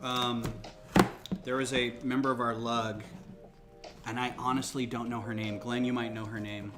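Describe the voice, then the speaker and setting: A chatty man hosts a casual live stream from a home table, close on a desktop microphone. His voice sits at a middle pitch, and he talks his way through each step with jokey asides while ambient music plays behind him. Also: little pitch movement, moderate pace. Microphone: desktop USB microphone close to the speaker. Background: ambient music from a laptop.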